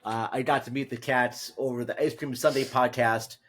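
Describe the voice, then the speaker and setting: A man from Minnesota hosting a casual podcast chat, rambling and halting with lots of fillers. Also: medium pitch, steady tone, a bit bright. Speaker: podcast host.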